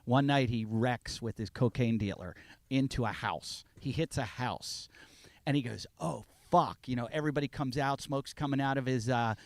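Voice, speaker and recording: A man in casual podcast chat, telling stories and acting out the people in them with big swings in loudness. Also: medium pitch, moderate pace, no echo. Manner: animated, acts out quotes with swings in volume.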